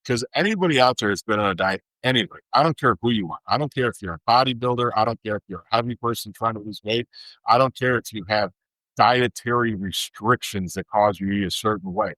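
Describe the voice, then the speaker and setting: Deep-voiced man ranting in a podcast. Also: quick pace, a bit bright, no room sound, rough recording. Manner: emphatic, worked-up ranting. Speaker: podcast host. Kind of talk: casual chat.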